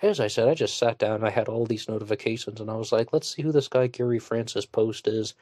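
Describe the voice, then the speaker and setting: A man's voice: fairly low pitch, quick pace, mellow, no room sound, clean studio sound. A man hosting a solo podcast in casual commentary, blunt and scornful, with frequent fillers and swearing. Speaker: podcast host.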